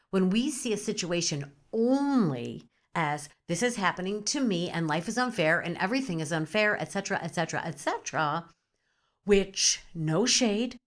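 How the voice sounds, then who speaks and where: A woman hosting a podcast, giving a comedic spiritual monologue in a playful, sassy way, swearing freely and using pet names. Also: mid-range voice. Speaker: podcast host.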